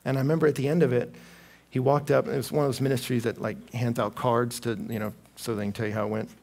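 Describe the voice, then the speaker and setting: A gravelly, somewhat husky man in his thirties preaches a sermon. He tells his stories in an animated way, and his pitch climbs sharply when he acts out other people's words. He sits at a middle pitch for a man. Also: quick pace. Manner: animated storytelling, acting out quoted voices with big pitch jumps.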